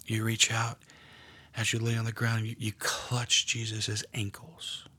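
Slow, hushed man leading prayer. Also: lowish voice, completely flat delivery, breathy edge. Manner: slow, hushed, often whispering. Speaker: prayer leader. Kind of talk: guided prayer meditation.

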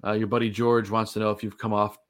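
A man's voice: fairly low pitch, flat delivery, fast talker. A man in his thirties casually hosting a sports podcast, easygoing and rambling with lots of fillers. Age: 30s. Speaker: podcast host.

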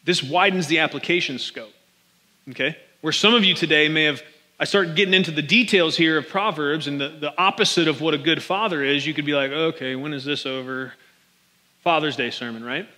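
This man's voice is on the high side and sharp, moving a little fast as he delivers a casual, jokey sermon. As a pastor, he talks straight to his congregation from a stage microphone, with a large church hall's long reverb audible.

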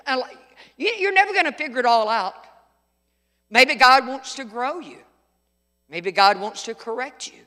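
A man's voice: very high-pitched, sharp tone, in a large hall. A middle-aged male pastor preaching a sermon, telling folksy stories with sudden emphatic outbursts.

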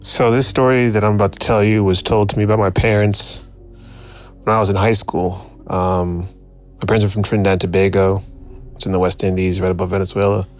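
A man's voice: low voice, little pitch movement, a little fast, faint music behind. A man casually telling a personal story, reflective and searching for his words. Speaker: guest storyteller.

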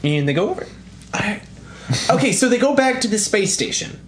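Sarcastic incredulous co-host, lively up-and-down pitch, echoey room. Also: fairly quick, a little hiss or hum. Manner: incredulous, sarcastic, swears, sings snatches. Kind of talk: casual profane chat.

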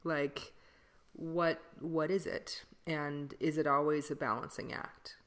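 A woman's voice: deep voice, flat delivery, slow. A woman who sings classical music, co-hosting a podcast in casual chat, rambling with fillers and laughing often. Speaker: podcast co-host, classical singer.

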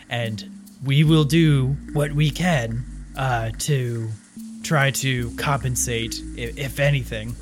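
Give me a man as a stern noble mage lord, slow and careful, with music behind. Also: medium pitch, close to an everyday voice.

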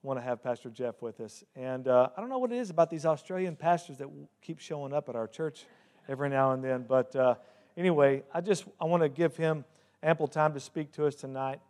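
A man's voice: on the high side, fairly quick, a little mellow. A man, the host pastor, introducing a guest speaker in a chatty, rambling way. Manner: chatty, with many fillers.

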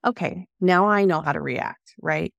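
Low gravelly woman, earnest guest. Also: moderate pace, no room sound, lo-fi sound. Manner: earnest, reflective, self-deprecating. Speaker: podcast guest, author. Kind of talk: casual conversational chat.

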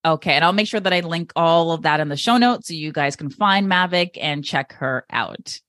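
A woman hosting an interview podcast, talking in an upbeat, animated way. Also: low-pitched, normal speed, dry recording, studio quality. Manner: lively, upbeat, animated storytelling. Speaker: podcast host.

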